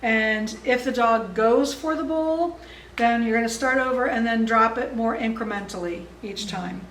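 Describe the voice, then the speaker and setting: A woman's voice: on the high side, normal speed, fairly bright tone, slight background noise. A woman dog training instructor explaining exercises in a friendly, easygoing way, chuckling often. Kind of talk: instructional seminar talk. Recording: roomy, distant mic.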